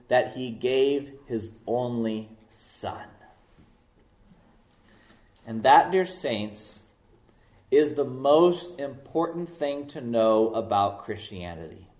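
A man preaching a sermon as pastor, slow and deliberate, leaning hard on key words. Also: a little high, reverberant.

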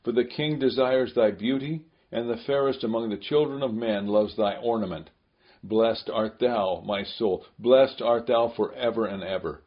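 A man giving a scripted devotional reading in a solemn, measured, prayerful way, on a dull lo-fi recording. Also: medium pitch.

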